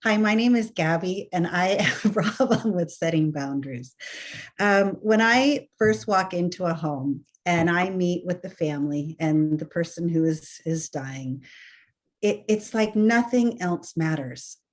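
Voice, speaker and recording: A woman's voice: lowish voice, measured pace. A woman who works in hospice, speaking candidly and self-deprecatingly in a casual conversation. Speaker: hospice worker, guest.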